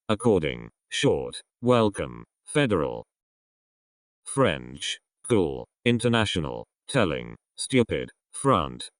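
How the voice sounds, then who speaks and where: A deep-voiced man reads single English words slowly and deliberately, his pitch rising and falling widely from word to word. The sound is dry and close, with no room around it. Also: no echo. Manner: slow, isolated words with pauses. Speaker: vocabulary reader. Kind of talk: reading an English word list.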